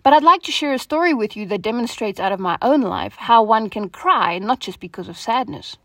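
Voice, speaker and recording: A woman hosting a devotional talk, opening with prayer and then speaking in an earnest, gentle, reflective way, her voice softening at the ends of phrases. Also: a little high, lively intonation, brisk, no echo, clean studio sound. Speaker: devotion host.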